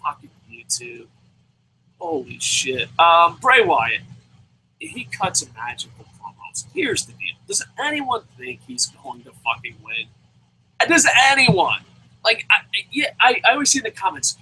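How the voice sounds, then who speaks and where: A man's voice: high-pitched, huge pitch swings, unhurried, pushed and bright, breathy edge, low-quality recording. A man reviewing a wrestling show, ranting heatedly, swearing constantly and mocking in his commentary. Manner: mocking, acts out impressions.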